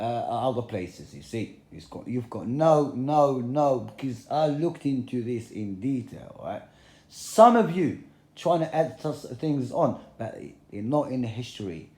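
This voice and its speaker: A man's voice: mid-range voice, mellow, roomy sound. A man talking straight to his viewers in a confrontational, repetitive rant, using plain, common speech. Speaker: video blogger. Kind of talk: direct-to-camera religious rant.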